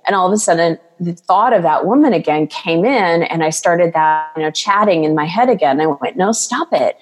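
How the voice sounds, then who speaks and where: A woman talks as a guest coach in an earnest, flowing way, now and then acting out the voices of others. Her voice sits a little low, and a long reverb trails behind it. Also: a little fast. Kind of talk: casual interview talk.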